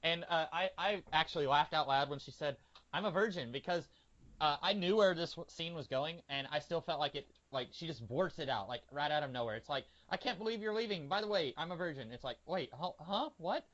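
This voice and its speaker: A man's voice: on the high side, expressive, a little fast, fairly bright tone, muffled recording. A young man co-hosting a casual podcast chat, thoughtful and hesitant, with many ums. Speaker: podcast co-host.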